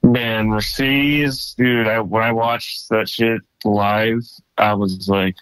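A man's voice: on the low side, fairly even intonation, takes it slowly, a bit bright, dry recording, rough recording. A man co-hosting a casual motor racing podcast, talking in a laid-back, profane way full of fillers. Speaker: podcast co-host. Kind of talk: casual sports podcast chat.

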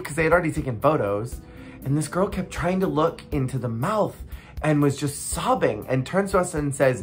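A former theme park cast member telling stories in a casual vlog, wry and blunt and reflective, animated when acting out other people. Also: mid-range voice, normal speed, faint music behind. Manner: animated, acts out quoted people.

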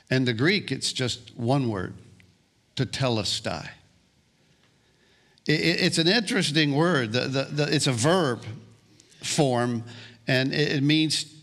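Slow, deliberate male pastor. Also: medium pitch, fairly bright tone. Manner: slow and deliberate, with frequent restarts and repeated words. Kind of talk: sermon.

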